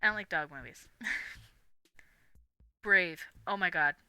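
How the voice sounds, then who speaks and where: Giggly woman with a very bright voice. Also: lowish voice, takes it slowly, clear, resonant tone, no echo. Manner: giggly, rambling, with frequent laughs and fillers. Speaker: livestream host. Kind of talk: casual live-stream chat.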